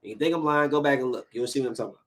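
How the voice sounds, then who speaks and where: A man in his thirties hosting a podcast, giving a casual solo commentary in an animated, emphatic ranting style full of slang. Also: medium pitch, rapid-fire. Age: 30s. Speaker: podcast host.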